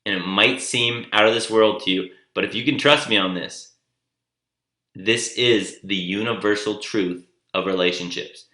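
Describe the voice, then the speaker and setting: Male dating coach, lowish pitch and bright tone, casual chatty delivery, echoey room. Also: moderate pace. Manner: loose and conversational, acts out quoted lines. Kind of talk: casual advice monologue.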